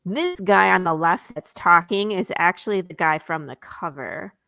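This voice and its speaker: A woman comics creator, a guest chatting casually and retelling her comic's pages in an animated way. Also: fairly low pitch, moderate pace, creaky, no echo, studio quality. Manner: animated storyteller, voices characters, laughs often.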